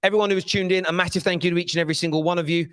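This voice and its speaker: A man hosting a live football stream, energetic and animated. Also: high-pitched, rapid-fire, no room sound. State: out of breath. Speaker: host.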